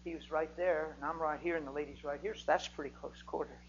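A man preaching a sermon, telling a healing story and rising to near-shouting when he gets excited. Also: a little high, fast talker, dull audio, a little hiss or hum.

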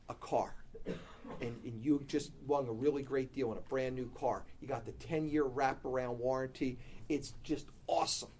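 Middle-aged guy preaching in church, gets loud telling the story then goes soft on the point. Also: mid-range voice, slight background noise. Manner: animated, rising loud when telling the story, dropping soft on key points. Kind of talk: sermon storytelling.

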